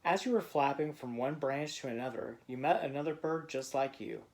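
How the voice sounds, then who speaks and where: A man narrating a bedtime story to a child in a gentle, playful way. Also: mid-range voice, normal speed.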